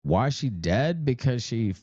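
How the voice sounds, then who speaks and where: A man's voice: mid-range voice, big pitch swings, a little slow, darkish tone, no room sound. A man calling into a live stream who argues angrily, swears constantly and repeats the same demand over and over. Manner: angry, profane, repeats himself insistently. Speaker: caller. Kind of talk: heated call-in argument. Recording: dull lo-fi call audio.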